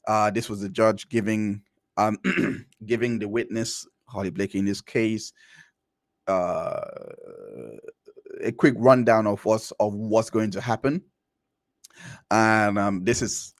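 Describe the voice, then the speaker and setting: A man's voice: fairly low pitch, no room sound, studio quality. A man hosting a live stream, reading through a court transcript and commenting in a casual, rambling way with many restarts. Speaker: stream host.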